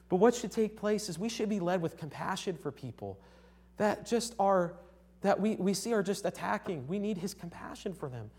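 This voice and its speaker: A young man from Connecticut delivers a sermon in an earnest, conversational manner. His voice sits a little high for a man, and he often restarts his sentences while checking in with his listeners. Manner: earnest, conversational, with frequent restarts and rhetorical "right?". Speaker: preacher.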